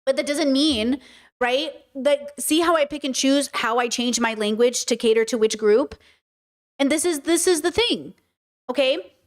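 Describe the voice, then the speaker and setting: Hosting a podcast, a young adult woman talks in a high voice through an energetic, casual monologue. She swears without restraint and slips in rapid imitations of people.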